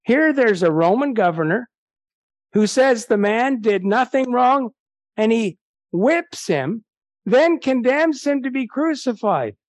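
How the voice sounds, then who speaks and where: A man's voice: extremely high pitch, animated, takes it slowly, no room sound. Earnest preacher man, dry close sound. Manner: earnest, rising to indignant rhetorical questions. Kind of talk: evangelistic sermon with Bible reading.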